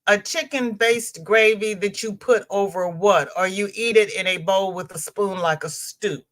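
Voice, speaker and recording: A woman's voice: medium pitch, moderate pace, a bit bright. A middle-aged woman hosting a live stream, chatting casually and rambling between greetings to viewers by name. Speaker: livestream host.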